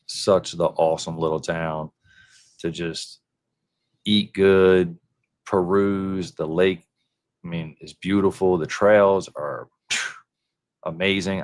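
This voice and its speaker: A man hosting a podcast in casual chat, talking with enthusiastic slangy banter. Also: a bass voice. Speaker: podcast host.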